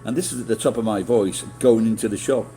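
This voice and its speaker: A middle-aged livestreamer with a lowish, mellow voice talks fast, telling rambling stories to his stream chat. He swears a lot and keeps restarting sentences, with faint music in the background.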